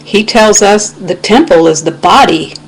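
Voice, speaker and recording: A woman's voice: medium pitch, unhurried, breathy edge, rough recording. An American woman giving an impassioned, indignant webcam rant, quoting scripture as she talks. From United States. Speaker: video blogger. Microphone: webcam microphone.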